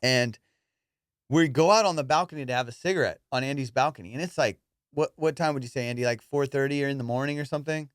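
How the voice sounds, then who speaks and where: A man hosting a casual comedy podcast, telling profane, animated stories and laughing often. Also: mid-range voice, fast, clear, resonant tone, dry recording, studio quality. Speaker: podcast host.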